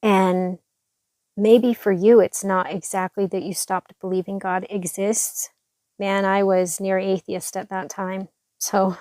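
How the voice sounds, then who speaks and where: A woman's voice: mid-range voice, warm tone, dry recording. A woman hosting a devotional podcast, speaking earnestly and encouragingly with a stuffy, congested voice. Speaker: podcast host.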